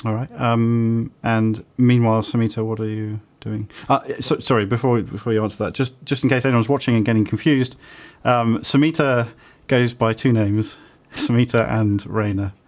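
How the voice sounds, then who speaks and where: A man's voice: mid-range voice, normal speed, few pauses. Chatty British man running a tabletop game. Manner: relaxed, chatty, laughs easily, many ums. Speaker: dungeon master.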